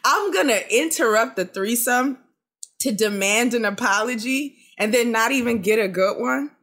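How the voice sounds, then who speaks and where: A woman co-hosting a casual podcast, recapping a reality show in an animated, profane, mocking way. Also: a little high, normal speed. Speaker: podcast co-host.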